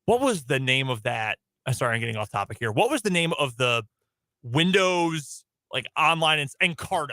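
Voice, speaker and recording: A man's voice: fairly high pitch, big pitch swings, bright, forceful tone, dry recording. A man with an Upper Midwest accent from the Chicago area, co-hosting a sports radio show in casual, rambling chat. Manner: chatty, rambling, quick to laugh. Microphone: studio microphone.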